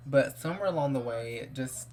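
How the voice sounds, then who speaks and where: A man's voice: mid-range voice, lively intonation, fairly quick, darkish tone. A man giving casual, playful let's-play commentary, gossiping about his characters and improvising their lines. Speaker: gameplay commentator.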